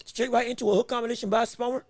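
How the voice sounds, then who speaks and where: He's a fight commentator and podcast host narrating boxing live in a very high voice, mic close and dry with no room sound. Each exchange draws a quick, excited reaction, he frequently corrects himself mid-phrase, and hiccups interrupt him.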